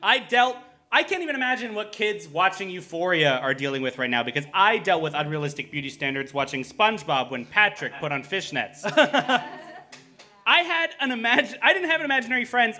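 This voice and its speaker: Dry self-deprecating comedian, lively bright voice. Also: male voice, high voice. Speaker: comedian contestant. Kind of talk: comedic debate speech. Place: comedy theatre stage with audience.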